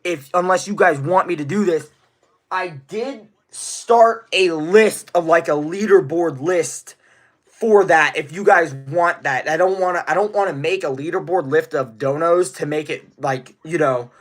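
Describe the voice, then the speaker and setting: Young male streamer, slightly high voice, chatty and excitable, reads out viewer questions and shout-outs. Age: young adult. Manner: excitable, gives rapid shout-outs to donors. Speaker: live streamer. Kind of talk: casual live-stream chat.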